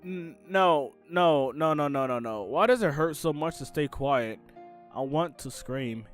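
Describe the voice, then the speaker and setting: A man's voice: a little high, lively intonation, measured pace, faint music behind. A man reading the inner thoughts of a sad, anxious teenage schoolgirl from a game, in the first person, in his own everyday voice. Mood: gloomy. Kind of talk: game text read aloud.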